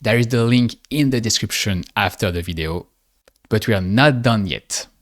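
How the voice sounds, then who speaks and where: A man teaching spoken in a guided speaking lesson, patient and deliberate, drawing out each example phrase. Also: fairly low pitch. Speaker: French teacher.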